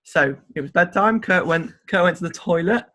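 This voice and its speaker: A man's voice: sits high, moderate pace. A young man, a youth leader, telling funny stories in a casual chat and laughing through them. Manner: animated storyteller who laughs through his anecdotes.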